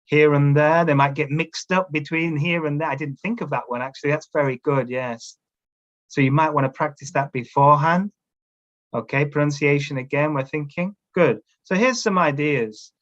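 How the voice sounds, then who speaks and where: With a slightly high, fairly bright voice and a moderate pace, a teacher trainer runs a workshop webinar on a video call camera. The sound is lo-fi, and his coaching-style instructions are dotted with check-ins of "all right?"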